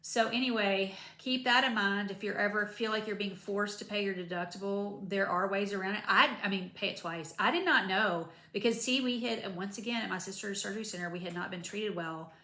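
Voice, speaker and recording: A woman's voice: mid-range voice, fairly quick, hardly any pauses, roomy sound. A woman, chatting casually to camera about her recovery after surgery, rambling with lots of asides. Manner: chatty, rambling, animated retelling with many asides. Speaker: vlogger.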